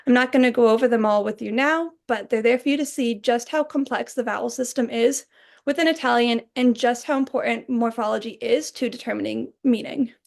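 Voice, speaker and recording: A young adult woman giving a recorded class presentation, explaining points in a clear, orderly way. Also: on the high side, brisk, a little mellow. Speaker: student presenter.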